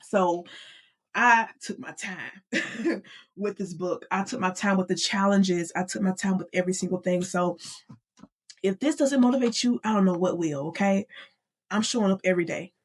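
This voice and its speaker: A woman's voice: medium pitch, moderate pace, breathy edge. A woman hosting a motivational podcast, talking directly to her listeners and calling them y'all, moved almost to tears. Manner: animated, addresses listeners as y'all. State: emotional, near tears. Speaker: podcast host and author.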